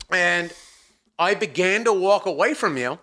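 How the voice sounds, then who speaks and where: A man co-hosting a podcast, telling a long story in a profane, animated way with mock-angry outbursts. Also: sits high, unhurried. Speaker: podcast co-host. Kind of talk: casual storytelling chat.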